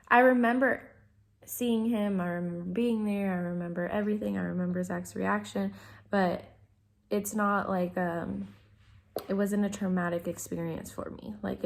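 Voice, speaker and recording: A woman's voice: mid-range voice, vocal fry, a little mellow. A young adult woman telling a personal story in a casual vlog, rambling with many fillers and restarts. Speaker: vlogger.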